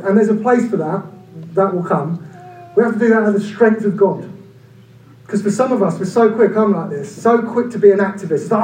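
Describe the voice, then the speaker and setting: A man around forty, preaching a sermon in an animated, conversational way with humorous asides. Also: fairly quick. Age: about 40. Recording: echoey room from far off, low-quality.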